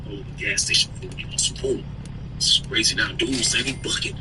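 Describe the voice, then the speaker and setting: Fast-talking man telling a story. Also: mid-range voice, distant mic, background noise. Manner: animated, acts out quoted people in raised voices. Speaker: streamer. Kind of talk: casual storytelling.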